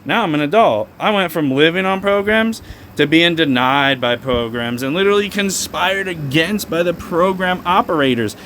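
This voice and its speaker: A man vents to the camera about his grievances in a sarcastic, jabbing tone. His voice sits a little high for a man, and he keeps throwing in a mocking "hello.". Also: animated, moderate pace, fairly bright tone, slight background noise. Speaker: vlogger. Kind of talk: casual ranting vlog.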